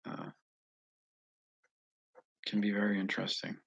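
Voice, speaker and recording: A man with a Northeast US accent, hosting a casual live chat with viewers. He rambles slowly, with frequent pauses and fillers and asides that trail off quietly. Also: on the low side, huge pitch swings, creaky, breathy edge, no room sound, muffled recording. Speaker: channel host answering viewers.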